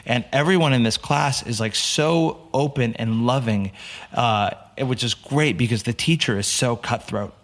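A man from the United States, a podcast guest, telling lively stories and acting out the lines of the people in them. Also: mid-range voice, unhurried. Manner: animated storyteller, acts out quotes. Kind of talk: casual storytelling interview.

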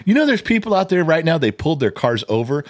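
A man's voice: a little high, very animated, quick pace. A middle-aged man co-hosting a podcast in casual chat, telling stories animatedly, mimicking voices and swearing. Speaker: podcast co-host.

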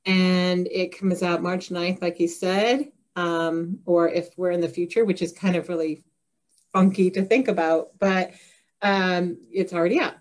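A woman's voice: fairly low pitch, fairly even intonation, unhurried. A woman from Indiana, an author guest in a casual interview, laughing and self-deprecating with many fillers. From Indiana, USA.

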